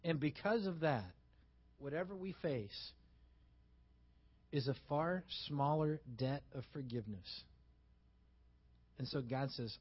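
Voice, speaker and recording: Male pastor, high-pitched and animated, preaching a sermon on a dull, muffled recording. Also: slow, long pauses, slightly rough. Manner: animated preaching, acting out little dialogues.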